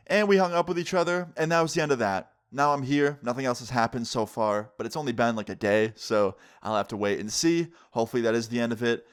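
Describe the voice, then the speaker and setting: A man's voice: medium pitch, quick pace, smooth. A man in his twenties casually telling a storytime vlog story, swearing often. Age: 20s. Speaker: vlogger.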